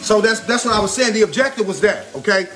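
In his own cooking video, a high-voiced man talks fast and animatedly through each step at the stove, upbeat and repeating a favorite catchphrase. The mic sits far back in a roomy, echoing kitchen, with music and the sizzle of frying underneath.

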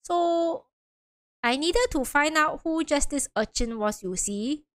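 A woman's voice: sits high, lively intonation, fairly bright tone, exaggerated voice. A woman voicing a middle-aged male coachman witness with a put-on sounding brogue, drawing out his words. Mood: earnest. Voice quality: broad folksy brogue, drawn-out words.

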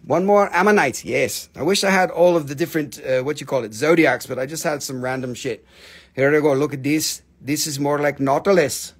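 This is a man running a live stream sale of stones and amber. His voice sits high, and his patter is playful and teasing, laced with casual swearing. He quotes deals quickly in non-native English phrasing. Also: breathy edge. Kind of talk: joking live sales pitch.

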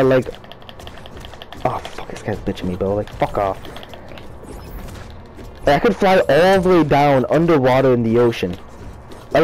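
A man's voice: medium pitch, darkish tone, rough recording. A young man chatting casually and profanely while playing a game, rambling about superpowers between frustrated outbursts. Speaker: gamer. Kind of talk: casual gameplay commentary.

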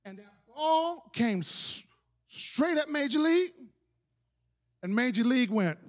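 A man preaching a sermon as pastor, telling a story with shouting, playful energy. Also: very high-pitched, sing-song, unhurried. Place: church sanctuary.

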